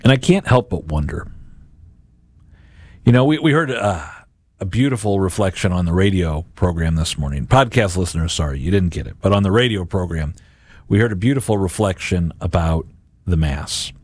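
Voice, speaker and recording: A man's voice: low-pitched, expressive, normal speed, a little mellow, no echo. A middle-aged man, a radio and podcast host, giving a Catholic reflection on Scripture and acting out imagined voices in quotes.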